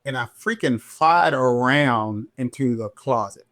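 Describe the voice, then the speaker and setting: A middle-aged man, a police officer and podcast guest, telling his story candidly and animatedly, jumping up in pitch when he acts out what people said. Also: unhurried. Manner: animated, acts out quotes in a higher voice.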